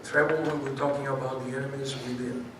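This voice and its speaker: A man hosting an event, reading a speaker introduction in a flat, halting way. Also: mid-range voice. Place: large conference hall. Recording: echoey hall, distant mic, faint noise.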